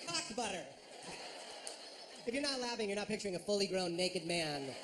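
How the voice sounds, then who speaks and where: A man performing a stand-up comedy set, animated and quick to leap into high shrill voices for his impressions. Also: background noise. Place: comedy stage.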